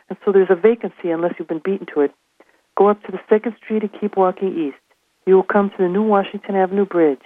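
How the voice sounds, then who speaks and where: A woman's voice: mid-range voice, no room sound, close to an everyday voice. A woman voicing a burly Scottish mill foreman who talks bluntly, heard over a phone line. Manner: blunt, commanding, plainspoken.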